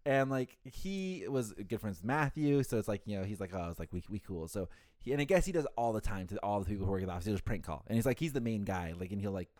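A man's voice: lowish voice, fast talker, dry recording, clean studio sound. A man working a hotel front desk, chatting casually and acting out the callers he deals with, swearing freely as he goes. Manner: animated storyteller, acts out callers in quoted voices, swears casually. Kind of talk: casual chat.

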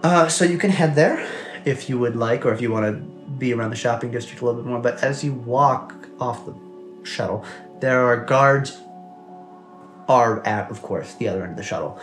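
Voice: medium pitch, normal speed, roomy sound, faint music behind. A game master narrating a tabletop game in a loose, casual way, swearing freely.

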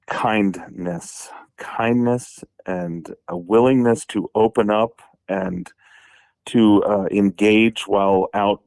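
Low voiced guy, rambling golf stories on the radio, dry studio mic. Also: fairly even intonation, slow, a little mellow, dry recording. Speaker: radio show co-host. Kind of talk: casual golf chat.

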